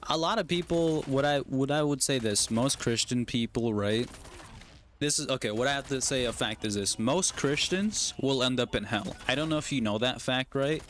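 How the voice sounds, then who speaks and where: A man's voice: medium pitch, moderate pace, fairly bright tone, a little hiss or hum. Rambling young man telling a story. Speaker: streamer. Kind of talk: casual chat while gaming on a stream.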